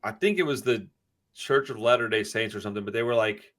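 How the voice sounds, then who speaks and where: A man's voice: on the low side, quick pace, a bit bright. A man in casual podcast chat, rambling and swearing freely as he tells stories. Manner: profane, rambling storyteller.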